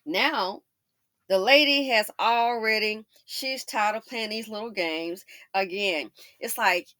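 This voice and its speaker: A woman's voice: mid-range voice, takes it slowly, bright, forceful tone, no echo, clean studio sound. A woman doing casual storytime commentary, emphatic and full of rhetorical questions, often repeating herself.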